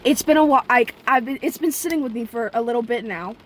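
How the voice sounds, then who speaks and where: Talking fast, a young woman with a high voice rambles through a story for her vlog viewers, chatting straight to them and occasionally exploding into profanity. A faint hiss or hum sits in the background.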